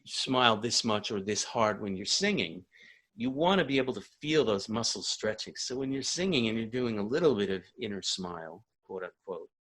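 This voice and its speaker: A man leading a singing warm-up as a vocal coach, calm and encouraging. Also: on the low side, breathy edge.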